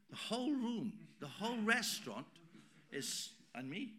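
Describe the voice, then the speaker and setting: A middle-aged man preaching a sermon in a church, emphatic, swinging between loud declarations and quiet asides. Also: sits high, sing-song, moderate pace. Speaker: pastor.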